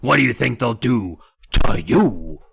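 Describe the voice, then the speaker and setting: A man doing a gravelly, rasping evil dummy. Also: mid-range voice, expressive, a bit bright, voice pushed up, full character voice. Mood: menacing. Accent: put-on gravelly New York or New England. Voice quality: gravelly rasp. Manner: slow, taunting, cackling threats. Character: evil ventriloquist dummy, male, menacing and gloating.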